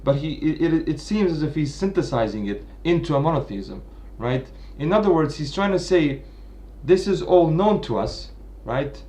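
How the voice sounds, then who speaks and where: This man speaks at normal speed with few pauses, his fairly high voice expressive and dark in tone. As a literature commentator, he analyzes a literary work without a script, restarting often and tossing in "right?" as he reasons aloud.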